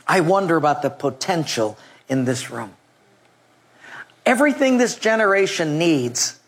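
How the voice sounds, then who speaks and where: A preacher delivers a sermon in front of a congregation, spinning a funny story and trading call-and-response with the listeners. The voice sits in an ordinary middle pitch. Jokes and direct questions to the room keep the delivery lively. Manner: leads call-and-response with the audience. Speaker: pastor. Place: before a live congregation.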